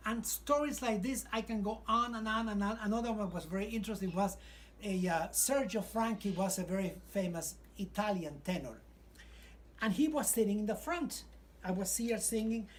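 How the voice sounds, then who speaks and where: An older man from Cuba, a native Spanish speaker with a Cuban accent, telling lively stage anecdotes and acting out the quotes. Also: high-pitched, moderate pace, slight background noise. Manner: animated, acts out quotes and sings snatches. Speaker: retired stage singer. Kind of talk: reminiscing storytelling.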